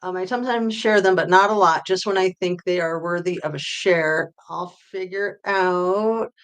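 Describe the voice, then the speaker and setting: A woman hosting a casual livestream, reading viewer comments aloud and answering them, her voice often trailing off quietly at the ends of phrases. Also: lowish voice, normal speed, smooth. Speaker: true-crime livestream host.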